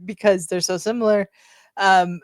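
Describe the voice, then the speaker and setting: A woman co-hosting a podcast, giving measured, wry commentary on a sitcom in casual chat, with light laughs. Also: mid-range voice, fairly even intonation, dry recording. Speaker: podcast co-host.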